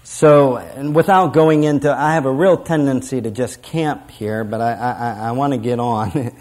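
A man's voice: medium pitch, moderate pace, few pauses, a little mellow. A middle-aged man preaching a sermon to a prison ministry audience, emphatic and repetitive, leading the audience to repeat lines.

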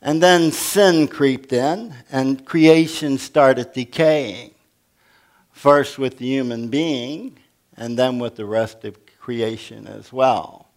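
An older male pastor delivers a sermon in a slow, unhurried cadence. He keeps it folksy and humorous and turns often to the congregation with questions. His pitch sits in an ordinary middle range for a man. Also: steady tone.

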